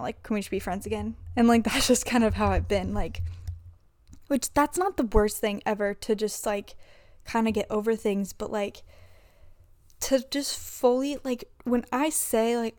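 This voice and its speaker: A young adult woman vlogger with a mid-range, darkish voice talks through her personal struggles in a rambling, confessional way. Her speech is full of "like" and restarts. The studio-quality recording has no echo.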